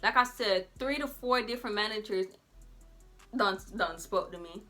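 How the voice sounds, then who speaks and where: A teenage girl from Georgia tells a story straight to camera, chatty and animated, dropping Southern slang. Her voice is bright and clear, and faint music plays underneath. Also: mid-range voice, normal speed. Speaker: vlogger. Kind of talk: casual storytime.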